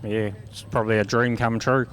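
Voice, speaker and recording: A man's voice: medium pitch, level tone, a little fast, fairly bright tone, clean tone. A man with a New Zealand accent, a racing driver talking laid-back with dry humour after a race. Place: outdoors at a speedway.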